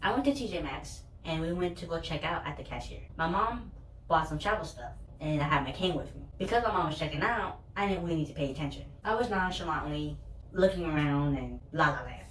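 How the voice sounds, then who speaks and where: In her vlog, a young female student tells candid, rambling stories about her life and laughs at herself. Her low voice is animated and fairly quick. The recording sounds roomy and distant, with a faint hum.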